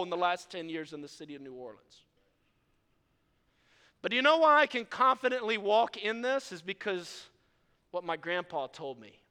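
Male pastor, high clear voice with a bright edge, preaching from a church stage, lively and self-mocking, reverberant sanctuary sound. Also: normal speed. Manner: animated storytelling preacher, self-deprecating. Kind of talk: sermon. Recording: long reverb of a large hall.

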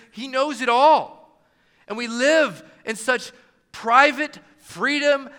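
A man's voice: high voice, bright, forceful tone, smooth. A man preaching a sermon, reading scripture aloud and explaining it, stressing key phrases by repeating them. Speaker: pastor.

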